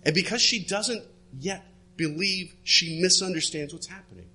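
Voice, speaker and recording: A man preaching a sermon, retelling a story and dropping his voice low and soft for the quoted words. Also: normal speed, slightly rough. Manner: storytelling, drops to hushed tones for quoted words.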